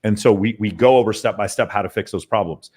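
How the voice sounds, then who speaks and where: A man talking as a podcast guest about his sales team, in an emphatic, profane, rapid-fire way. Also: on the low side, darkish tone, slightly rough. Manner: emphatic, profane, talks in long runs. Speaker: podcast guest, mentoring business owner. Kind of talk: casual podcast interview.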